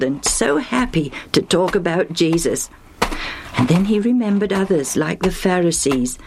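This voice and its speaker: A woman reading a Bible story aloud to children, gentle and expressive. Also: deep voice. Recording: music under the voice.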